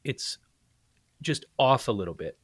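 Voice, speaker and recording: A man guesting on a podcast, chatting casually about a movie in a rambling way, with halting restarts. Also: medium pitch, animated, slightly rough, dry recording, clean studio sound. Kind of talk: casual movie-review chat.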